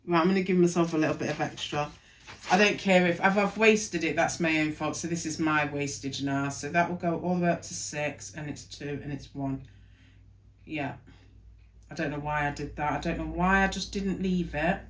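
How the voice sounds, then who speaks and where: A woman's voice: deep voice, steady tone, normal speed, low-quality recording. A tired woman, chatting and muttering to herself while working in her craft studio. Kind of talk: casual crafting vlog narration.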